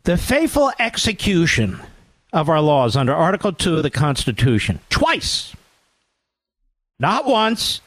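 A man's voice: on the high side, sing-song, moderate pace, dry recording. A man hosting a talk radio show, delivering a combative, sarcastic monologue and mocking others in put-on voices.

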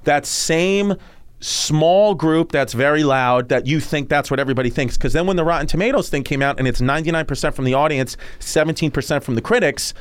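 A man's voice: fairly high pitch, fairly quick, clean tone, no echo. A man hosting a podcast, talking in a casual, emphatic and rambling way. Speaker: podcast host.

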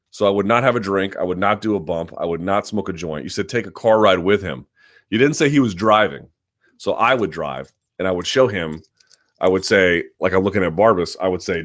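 Low-voiced man hosting a live chat. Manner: talks quickly and hedges, lots of ums and restarts; reads viewer questions aloud, then answers at length. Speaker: host. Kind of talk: live chat answering viewer questions.

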